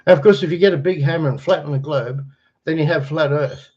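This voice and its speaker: A man's voice: on the high side, quick pace, a little mellow, husky. A middle-aged Australian man hosting a casual livestream, chatting and rambling with viewers, greeting them by name and chuckling often. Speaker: livestream host. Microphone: webcam microphone. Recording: slightly dull webcam audio.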